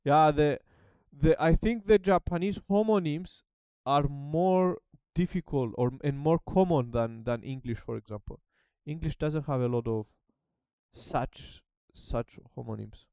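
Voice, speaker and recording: A man's voice: fairly high pitch, unhurried, smooth, no echo, muffled recording. A man with a Greek accent, a native Greek speaker, talking casually as he studies a language and thinks aloud with many restarts. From Greece. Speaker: language learner documenting his study. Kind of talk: casual self-study talk.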